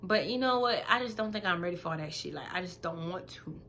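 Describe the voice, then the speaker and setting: A young woman, five months pregnant, telling a story in a blunt, profane, animated vlog rant that swings between loud outbursts and quiet asides. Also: fairly low pitch, quick pace, a little hiss or hum. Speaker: vlogger.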